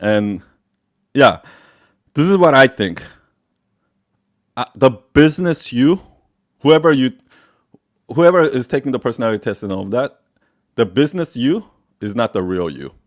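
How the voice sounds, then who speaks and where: A man hosts a live question-and-answer stream and talks in a blunt, profane way. He laughs often between points. His voice sits at an ordinary middle pitch. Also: expressive, normal speed, long pauses. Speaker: host answering viewer questions.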